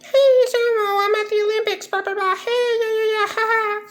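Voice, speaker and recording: A squeaky, giddy puppet monster voice. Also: male voice. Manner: rapid, excited, laughing.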